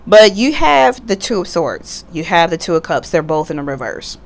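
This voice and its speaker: A woman's voice: lowish voice, very animated, moderate pace. A woman giving a casual tarot reading at home, chatty and blunt, swearing freely and laughing often. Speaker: tarot reader. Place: at home, sitting back in a computer chair.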